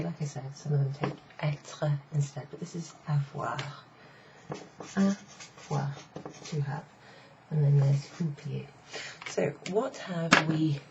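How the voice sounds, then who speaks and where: A middle-aged woman with a low, gravelly, mellow voice gives a casual online French lesson. She is chatty and explains step by step, repeating phrases slowly. The sound is slightly dull and lo-fi, with a faint hiss behind her. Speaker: French teacher.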